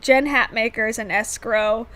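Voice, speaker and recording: A woman co-hosting a casual livestream chat. Her voice is bright and pitched a bit high. She jokes around and laughs easily. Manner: playful, jokey, quick to laugh. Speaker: livestream co-host. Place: home.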